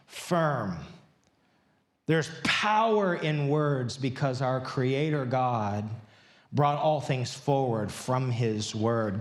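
A man's voice: mid-range voice, drawn-out words. A man preaching a sermon in a large church, chatting and joking with the congregation before reading from scripture. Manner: conversational and playful, joking with the congregation. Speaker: pastor. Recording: echoey church hall.

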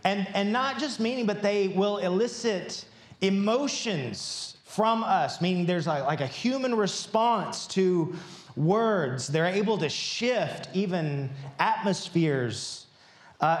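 Man, pastor, sermon, conversational and playful, unhurried, echoey church hall. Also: sits high. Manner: conversational and playful, joking with the congregation.

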